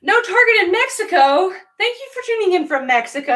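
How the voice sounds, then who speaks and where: A woman's voice: very high voice, sing-song, a little fast, a bit bright, distant mic. A young woman hosting a casual livestream from a spare room at home, chatty and giggly, laughing often. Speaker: livestream host. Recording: roomy sound, voice away from the mic.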